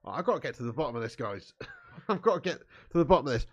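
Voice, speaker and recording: A man's voice: mid-range voice, big pitch swings, fast, lo-fi sound. A man hosting a football watch-along stream, reading out viewer comments in casual, jokey banter and laughing often.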